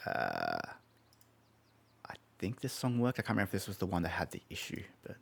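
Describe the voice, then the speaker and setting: A man running a tabletop game as game master, narrating chattily with many ums and pauses. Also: sits low, wildly swooping pitch, creaky, fairly bright tone.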